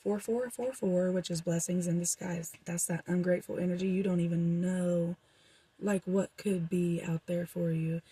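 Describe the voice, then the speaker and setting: A woman's voice: on the low side, fairly even intonation, normal speed, mellow, slightly rough, rough recording. A young woman doing a casual, rambling tarot reading for her viewers, with frequent fillers. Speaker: tarot reader.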